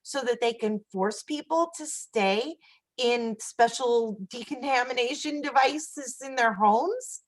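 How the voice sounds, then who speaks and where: A woman co-hosting a casual web talk show, animated and gossipy, laughing often. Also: fairly high pitch, slow, poor audio. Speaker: co-host.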